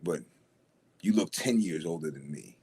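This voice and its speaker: A man's voice: a bass voice, normal speed, darkish tone, slightly rough. A man on a livestream panel, teasing and roasting in casual chat.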